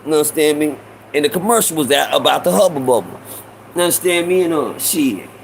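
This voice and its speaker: A man hosting a casual storytelling stream, slangy, with repeated asides and shout-outs to viewers. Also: fairly high pitch, animated, fairly quick, vocal fry, a little hiss or hum, poor audio. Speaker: host.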